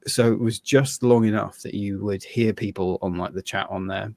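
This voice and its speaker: Low gravelly man telling rambling stories. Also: steady tone, moderate pace, a little mellow, no room sound. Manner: rambling storytelling with many fillers. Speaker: podcast co-host. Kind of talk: casual chat.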